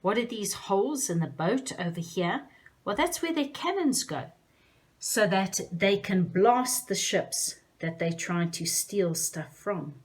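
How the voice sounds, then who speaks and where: Woman teacher for small kids, slow and sing-song. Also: mid-range voice, animated. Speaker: children's teacher. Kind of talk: lesson for young children.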